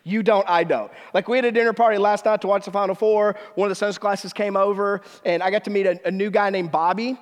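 A pastor in his thirties tells a story from the pulpit, dropping to hushed tones and then rising with excitement. His voice sits high for a man. The sound rings with the long reverb of a church sanctuary. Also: fast talker, few pauses. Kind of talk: sermon with personal story.

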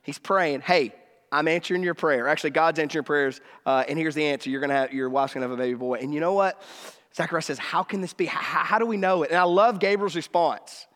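High-pitched guy preaching casual-style, acts out the dialogue, big echoey hall. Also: fast, a bit bright. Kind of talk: sermon.

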